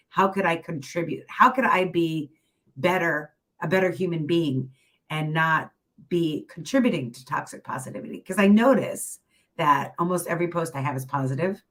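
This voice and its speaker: Low-voiced woman giving a chatty motivational talk. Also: moderate pace, a bit bright, poor audio. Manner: chatty and encouraging, with many asides and filler phrases. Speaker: keynote mindset speaker. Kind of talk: casual motivational talk to an online audience.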